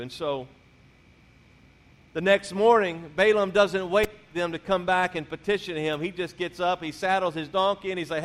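A pastor delivering a sermon in a high-pitched male voice. He retells the scripture story in a loose, conversational way, as if chatting with the congregation. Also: steady tone, normal speed.

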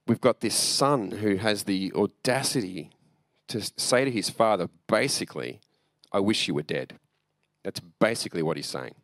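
Male pastor, low voice, dry close sound, earnest conversational sermon. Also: fairly bright tone, dry recording. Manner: conversational and earnest, with restarts and asides.

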